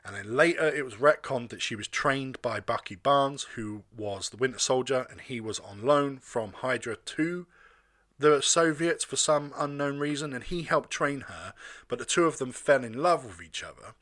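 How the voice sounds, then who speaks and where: A man talks through a film review in a loose, conversational way, circling back and restarting as he goes. His voice is bright and forward. The sound is dry and close, with no room around it. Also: medium pitch, animated, normal speed, no room sound. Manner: rambling, conversational, with restarts and asides. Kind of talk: casual spoken film review.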